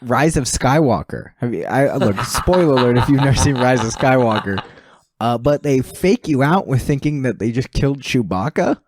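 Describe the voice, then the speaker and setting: A man co-hosting a podcast in casual chat, an animated storyteller who jumps into high mock voices when he quotes people. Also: moderate pace, background noise. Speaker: podcast co-host.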